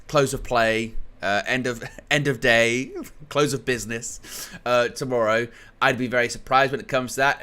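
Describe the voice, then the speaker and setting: A man's voice: mid-range voice, sharp tone. A man from England hosting a live-stream football fan show, chatty and rambling as he reads out viewer comments. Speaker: fan channel host.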